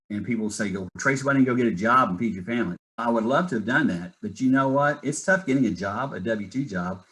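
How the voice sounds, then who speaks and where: A man's voice: fairly low pitch, a bit bright, rough recording. A middle-aged man, a real estate investor, telling his story in an interview with earnest, candid energy.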